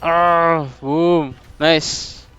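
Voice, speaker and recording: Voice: mid-range voice, steady tone, a bit bright, smooth, faint music behind. A young adult gamer with a Filipino accent, reacting playfully over gameplay. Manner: playful, exclaiming, slow and drawn out. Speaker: gamer streamer. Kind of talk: casual gameplay commentary.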